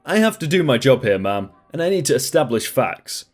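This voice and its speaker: A calm restaurant manager speaks politely but firmly in a storybook reading, as the narrator voices him. His voice moves expressively while staying patient, with faint music underneath. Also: mid-range voice, a little fast. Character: calm, firm male restaurant duty manager.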